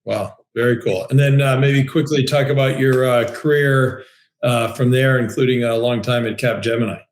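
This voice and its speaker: A man hosting a podcast interview, asking halting questions full of ums and uhs. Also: medium pitch, fairly even intonation, echoey room. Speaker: podcast host. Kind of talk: casual interview.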